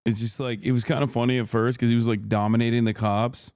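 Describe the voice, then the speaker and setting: A streamer musing in a smooth, dry voice. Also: male voice, medium pitch, level tone, quick pace, a little mellow, no echo. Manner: musing and joking. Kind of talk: casual reaction commentary.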